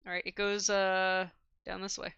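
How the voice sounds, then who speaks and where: A woman's voice: medium pitch, completely flat delivery, normal speed, creaky, fairly bright tone, smooth, no room sound, lo-fi sound. A woman narrating as dungeon master, describing scenes with many fillers and hums as she checks her notes. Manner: hesitant, filler-heavy description, hums while looking up notes. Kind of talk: narrating a tabletop game.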